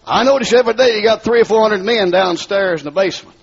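A man's voice: sits high, fast talker, husky, pitched above the performer's own voice. A man with a rural Southern accent playing a stern middle-aged factory foreman in a sermon. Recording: dull lo-fi recording.

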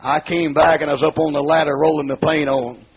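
A man's voice on the high side, level in tone and a little fast, carries a storytelling testimony sermon about his life. He's from the southern United States and acts out dialogue before rising into pleading cries. It was captured on a muffled, husky, lo-fi recording.

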